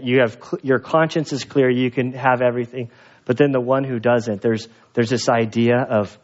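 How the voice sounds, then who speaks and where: A man preaching a sermon as pastor, telling stories in an animated way and acting out the voices of the people in them. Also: medium pitch, highs cut off. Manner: animated storyteller, acts out quoted voices. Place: church.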